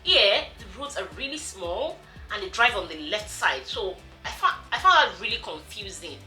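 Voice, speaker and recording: Lively young Nigerian woman vlogging. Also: medium pitch, normal speed, echoey room, faint music behind, low-quality recording. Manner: chatty and animated, laughs often, lots of "like" and "you know". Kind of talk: casual vlog monologue.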